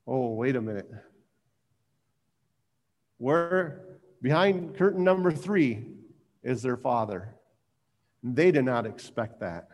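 A man preaching a sermon as pastor, reading scripture and explaining it with dramatic emphasis that drops to hushed low lines. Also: expressive, slow, pauses often, long reverb tail.

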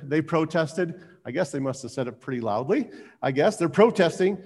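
A man preaching a sermon as pastor, reading scripture and explaining it with dramatic emphasis that drops to hushed low lines. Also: a little fast, long reverb tail.

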